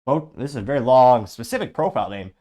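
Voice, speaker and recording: An over-caffeinated host races through viewer comments on his own political commentary show, blunt and sarcastic, running on lots of coffee. His medium-pitched voice is mellow with lively intonation.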